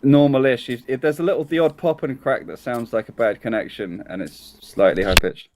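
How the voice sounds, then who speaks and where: A man's voice: mid-range voice, fairly quick, slight background noise. A man co-hosting a live online discussion, chatting casually with a dry, teasing sense of humor. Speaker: co-host. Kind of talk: casual live-stream chat.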